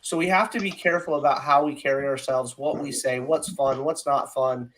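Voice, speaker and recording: A man's voice: medium pitch, fairly even intonation, brisk, fairly bright tone, poor audio. A man co-hosting a casual podcast chat, talking animatedly and often asking "you know what I mean". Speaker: podcast co-host, comic creator.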